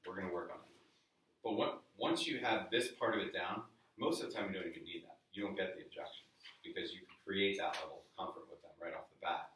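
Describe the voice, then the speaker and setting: A man with a lowish voice coaches a live audience in casual, conversational style and keeps asking the room questions. He is recorded from across a very echoey meeting room, so his voice sounds distant and roomy, with a faint hiss underneath. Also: a bit bright. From New York area. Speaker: workshop presenter. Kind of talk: live sales training talk.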